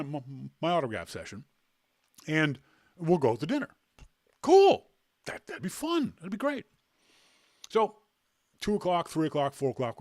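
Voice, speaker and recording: A man hosting a podcast, telling a self-deprecating anecdote in a casual, animated way. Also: mid-range voice, no echo, studio quality. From Canada. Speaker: podcast host. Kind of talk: casual storytelling.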